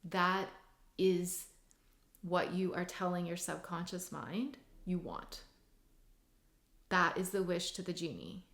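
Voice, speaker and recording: A woman's voice: lowish voice, lively intonation, slow, creaky, long pauses, a bit bright. A woman hypnotherapist and mindset coach explaining in a casual, earnest way, full of "like" and "right?". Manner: conversational, many "like" and "right?" tags, earnest. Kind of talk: casual teaching monologue. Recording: roomy echo.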